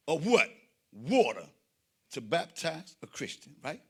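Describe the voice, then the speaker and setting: A man doing a stand-up comedy set, loud and preacher-like, with dramatic swings between shouting and quiet asides. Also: on the high side, wildly swooping pitch, brisk, slightly rough.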